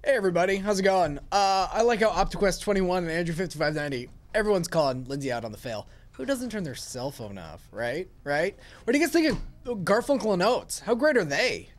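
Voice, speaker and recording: A man's voice: sits high, big pitch swings, a little fast. A young man co-hosting a web show, chatting directly to viewers as he reads out their challenges. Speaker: co-host reading viewer challenges.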